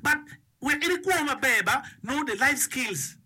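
A man's voice: extremely high pitch, expressive, moderate pace, sharp tone. A man giving an emphatic, casual talk on education and community, often repeating himself and checking in with his listener. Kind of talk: casual explanatory talk mixing English and a local language.

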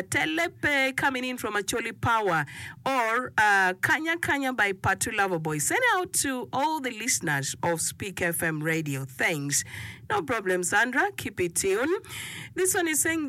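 A woman's voice: fairly high pitch, pushed and bright, no echo. A woman presenting a radio show, reading out listeners' song requests and greetings and teasing the senders. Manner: playful, teasing banter between messages. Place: radio studio.

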